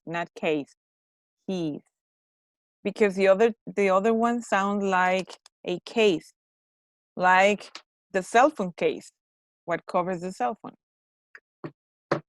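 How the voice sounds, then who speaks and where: Slow, encouraging woman teacher. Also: mid-range voice, no room sound. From Mexico. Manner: encouraging, repeats words slowly to model pronunciation. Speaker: English teacher. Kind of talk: classroom feedback on pronunciation. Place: classroom.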